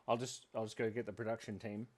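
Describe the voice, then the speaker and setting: A man's voice: on the low side, little pitch movement, fast talker, darkish tone. A man hosting a live drawing stream for kids, chatting playfully and rambling with self-mocking jokes. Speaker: livestream drawing host for kids. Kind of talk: casual live-stream chat.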